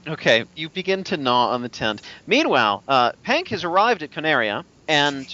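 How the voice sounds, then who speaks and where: A man narrating as game master of a tabletop game, describing scenes with many fillers and pauses. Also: a little high, sing-song, sharp tone. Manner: descriptive, halting with fillers, puts on brief voices for townsfolk. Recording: dull lo-fi podcast audio.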